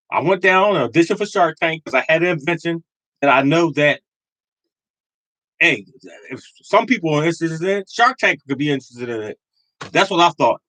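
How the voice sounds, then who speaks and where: Older male streamer, high voice, dry close sound, hammers each point twice with preacher-like conviction. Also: a bit bright, dry recording, poor audio. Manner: emphatic and repetitive, preaching conviction. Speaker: lottery tips host. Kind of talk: live stream talking to chat.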